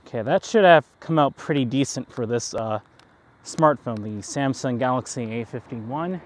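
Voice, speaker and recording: A man's voice: mid-range voice, moderate pace. Chatty man with a slight New York accent. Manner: rambling, chatty, chuckling asides. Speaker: livestream host. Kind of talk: casual walk-and-talk livestream. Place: outdoors on town streets at night.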